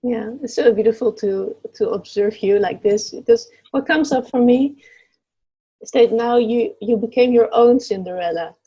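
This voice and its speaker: A woman's voice: a little high, moderate pace, dark tone, slightly rough, dull audio. A woman hosting an interview, affirming and reflective as she responds to her guest. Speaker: interview host. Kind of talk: casual interview talk.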